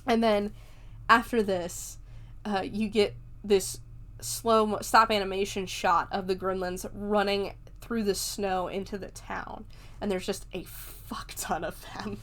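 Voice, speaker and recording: A chatty woman hosts her own podcast, walking through a film scene by scene in loose, everyday talk. She laughs often and drops casual swears along the way, her pitch sitting in an ordinary middle range. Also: flat delivery, a little slow, a bit bright. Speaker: podcast host. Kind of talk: casual movie review chat.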